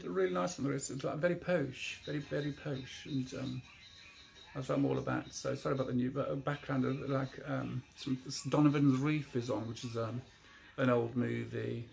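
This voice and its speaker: A man's voice: fairly high pitch, vocal fry. A man in his fifties, a vlogger rambling through a casual show-and-tell of a new gadget, hesitant and full of restarts.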